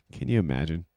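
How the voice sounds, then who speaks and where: A man's voice: rumbling low, warm tone, no echo. A man hosting a casual livestream, rambling loosely with lots of fillers and self-deprecating asides. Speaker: livestream host and music producer.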